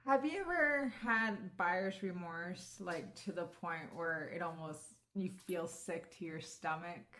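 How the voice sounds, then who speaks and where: A woman's voice: fairly low pitch, measured pace, bright, forceful tone, a little hiss or hum. Sex: woman. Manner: rambling, laughing storyteller. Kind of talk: casual chat.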